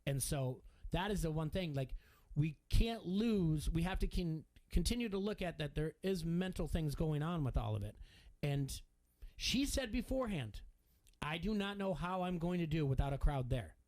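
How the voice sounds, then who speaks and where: A middle-aged man co-hosting a sports radio show, talking in a rambling, animated way with many restarts. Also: a little high, normal speed. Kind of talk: casual sports talk.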